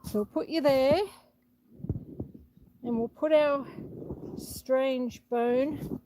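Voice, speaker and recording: A woman's voice: sits high, fairly even intonation, drawn-out words, background noise. A woman hosting a casual live stream on her property, a bit out of breath, chatting and reading out viewer comments. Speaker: homestead livestream host. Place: outdoors on a rural property. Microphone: phone held for live stream.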